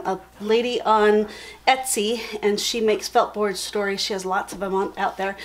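A woman teacher telling a children's story with a felt board, friendly and expressive. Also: medium pitch. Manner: friendly, expressive read-aloud.

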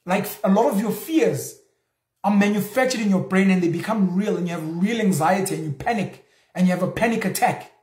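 A young South African man hosting his own show, giving a casual, animated monologue and acting out imagined back-and-forth dialogue. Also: sits high, fairly quick, reverberant. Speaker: show host. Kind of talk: casual monologue on culture and religion.

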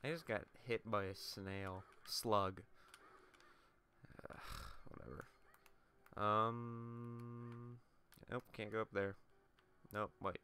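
A young man rambles through a casual let's play, telling school stories over his gameplay with swearing and laughing asides. His low voice has a sharp tone, and he speaks slowly with long pauses.

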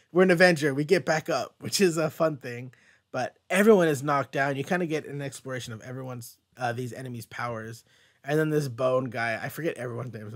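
A young man casually recapping a comic book, excited and rambling, swearing freely. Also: on the high side. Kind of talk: casual chat.

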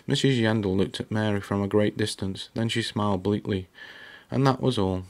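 A man reading a novel aloud in a steady, measured storytelling manner. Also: lowish voice. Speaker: audiobook reader.

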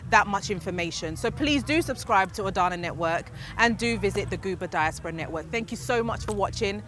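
A woman's voice: medium pitch, animated, a little fast, fairly bright tone. A woman hosting a casual conversation, chatty and full of conversational asides. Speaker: host.

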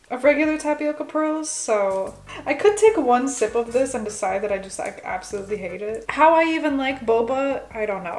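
A woman's voice: fairly high pitch, a little mellow. A young woman in her twenties chatting her way through a home cooking vlog, rambling and self-deprecating, with lots of "like" fillers. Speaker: cooking vlogger. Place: home kitchen.

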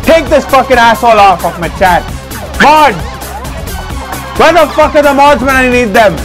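A man putting on a high-voiced ranting hotline host. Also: expressive, moderate pace, music in the background. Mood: furious. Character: hot-tempered adult male tech support hotline host. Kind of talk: comedic rant.

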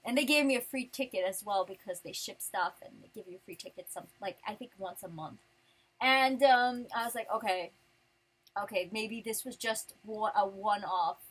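A woman vlogger chatting casually while showing off her prize haul, rambling and breaking into animated outbursts. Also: medium pitch, breathy edge. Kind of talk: casual chat.

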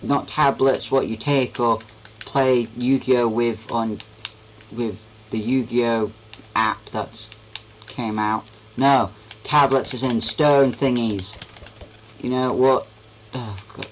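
Young man, goofy slow gaming narration, faint background noise. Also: medium pitch, fairly even intonation, fairly bright tone, rough recording. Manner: goofy, rambling, talks to himself. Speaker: gaming video creator. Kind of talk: rambling gaming commentary.

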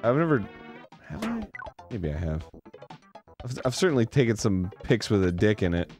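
A man co-hosting a let's play, goofy and jumping from loud outbursts to low mumbles. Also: sing-song, moderate pace, soft background music. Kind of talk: casual gameplay banter.

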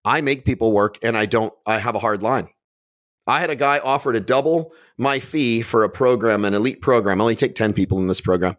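A man's voice: mid-range voice, fairly quick, no room sound, studio quality. A man talking as a podcast guest in a casual interview, blunt and brash, swearing freely and acting out other people in put-on voices. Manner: acts out quoted people in different voices. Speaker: podcast guest, fitness business owner.

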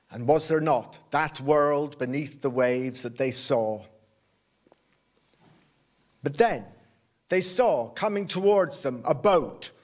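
A man telling a folk tale live at a workshop event, with slow, measured, rhythmic telling. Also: high-pitched. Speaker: storyteller.

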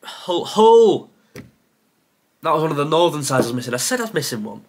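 A man's voice: fairly high pitch, big pitch swings, racing. A man who creates football content, thinking aloud to himself during a timed quiz, muttering and sighing with self-deprecating asides.

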